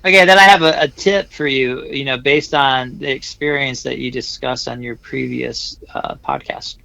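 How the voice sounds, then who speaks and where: A man's voice: medium pitch, fairly even intonation, moderate pace, vocal fry, pushed and bright, no room sound, lo-fi sound. A man co-hosting a podcast, rambling through casual stories with lots of restarts and "you know"s. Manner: rambling, many restarts and fillers. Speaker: podcast co-host.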